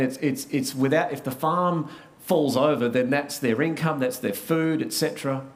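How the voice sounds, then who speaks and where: Australian male pastor, high voice, unhurried earnest sermon storytelling, repeats words as he goes.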